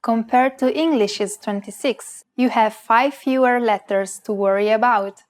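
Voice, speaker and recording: A woman co-hosting a language lesson, reading a script and saying example words slowly and carefully. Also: a little high. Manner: slow, careful, precise pronunciation of example words.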